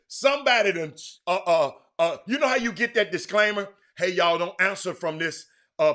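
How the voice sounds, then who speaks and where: Loud, lively Houston sports host. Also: male voice, high-pitched. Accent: Southern US, Houston. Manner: loud, excitable, repeats himself, calls out viewers by name. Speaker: sports talk show host. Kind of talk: animated live-stream sports talk, reading viewer comments.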